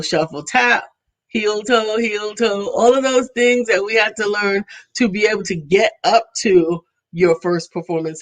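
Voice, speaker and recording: A woman's voice: on the low side, low-quality recording. A woman in her fifties co-hosting a live talk show, chatting playfully and breaking into sung greetings. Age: 50s. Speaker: co-host. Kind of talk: casual live show chat.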